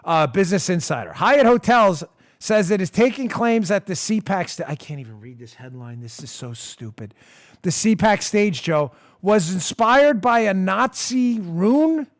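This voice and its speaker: Here a male podcast host offers political commentary on his talk show, his tone exasperated and sarcastic. He mocks and rants, growing louder, in a high, expressive voice at normal speed.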